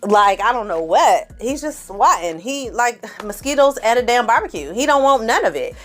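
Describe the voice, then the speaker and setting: A woman casually recapping a reality TV episode in an animated, sassy way, with slangy asides and acted-out quotes. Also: on the high side, moderate pace, soft background music.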